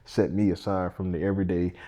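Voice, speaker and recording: This firefighter and congressional candidate talks fast in a low, dark, flat voice. Casual and earnest in the interview, he keeps things plain but keeps restarting what he's saying.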